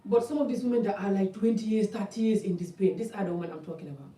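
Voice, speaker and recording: A woman's voice: medium pitch, fast, mellow. Woman vlogger, blunt and impassioned, rambling talk to camera, set back from the mic. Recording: echoey room, mic at a distance.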